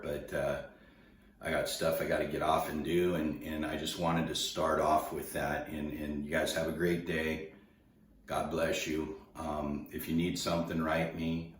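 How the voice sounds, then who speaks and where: A man's voice: extremely low pitch, distant mic, a little hiss or hum. A middle-aged man telling a personal story in a casual vlog, rambling and repeating words as he acts out what people said. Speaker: vlogger telling his story. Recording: echoey room, voice set back from mic.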